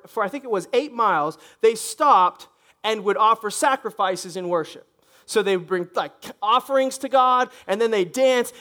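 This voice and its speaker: A middle-aged man, a pastor, preaching a sermon in a church in an animated, conversational way, often restarting his sentences and speaking directly to the congregation. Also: sits high.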